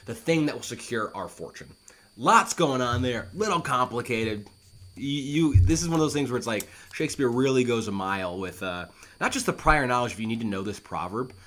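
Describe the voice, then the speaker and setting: A man talks through an old play line by line in a relaxed, conversational teaching manner. His voice sits at a middling pitch but moves in lively swings as he explains. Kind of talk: casual educational explanation.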